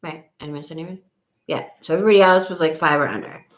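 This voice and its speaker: A woman's voice: deep voice, fast talker. Rambling woman hosting a live stream. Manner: rambling, chatty, trails off while counting. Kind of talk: casual live stream chat. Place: at home, camera on a table. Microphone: device camera on a table.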